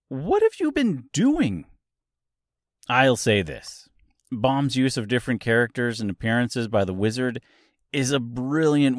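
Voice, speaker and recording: A man's voice: no room sound, studio quality. A man hosting a podcast, talking casually about a book in a playful, self-deprecating way, his voice jumping up and down as he jokes. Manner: playful, self-deprecating, animated swings in pitch. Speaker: podcast host discussing a book. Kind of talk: casual commentary.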